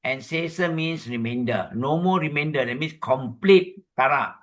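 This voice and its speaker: A man with a Malaysian English accent giving a Buddhist teaching talk, explaining terms step by step, often checking in with "okay?", and reciting Pali verses slowly. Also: a little high. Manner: slow measured chanting of Pali verses. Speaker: Dhamma speaker.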